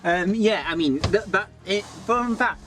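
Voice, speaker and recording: A man's voice: high voice, unhurried, a bit bright. A man from England co-hosting a casual reaction show, explaining the plans in a loose, talky way. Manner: explains plans with many fillers and restarts. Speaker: co-host of a reaction channel. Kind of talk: casual chat.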